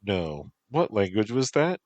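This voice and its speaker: A man's voice: on the low side, very animated, unhurried, a little mellow, no room sound, highs cut off, pitched above the performer's own voice. A man reading a polite young man servant.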